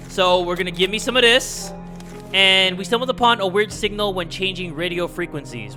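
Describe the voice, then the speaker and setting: Young male gaming host, rowdy, high and brassy, music bed under the commentary. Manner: loud, excitable, yells and swears at the game; reads game text aloud in a narrating voice. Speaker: gaming YouTuber. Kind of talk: let's play commentary.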